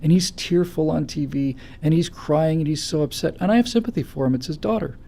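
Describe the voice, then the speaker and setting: A man hosting a political talk show, giving impassioned commentary with stammering restarts that build to loud, forceful stretches. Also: on the high side, fairly quick, gravelly. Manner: forceful, stammering restarts, rising to near-shouting. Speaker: show host.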